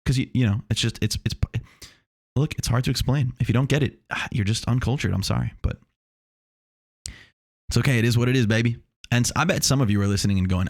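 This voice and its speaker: A man's voice: medium pitch, quick pace, vocal fry, pauses often, no echo, studio quality. A young man hosting a solo podcast, rambling and swearing, often restarting his sentences. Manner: rambling, profane, restarts a lot. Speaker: podcast host. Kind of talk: casual solo podcast monologue. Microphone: lav or shotgun mic in a foam-treated room.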